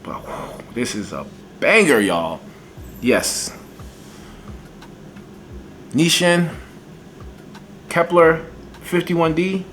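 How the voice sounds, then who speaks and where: A man reviewing fragrances in a casual vlog, excitable and enthusiastic, with a folksy way of talking. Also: on the high side, very slow, pauses often, slight background noise.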